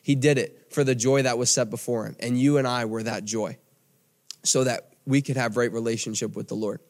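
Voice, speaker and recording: A man's voice: mid-range voice, fairly even intonation, fairly quick. An American man preaching a podcast sermon in an earnest way, often repeating phrases and restarting sentences. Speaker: pastor.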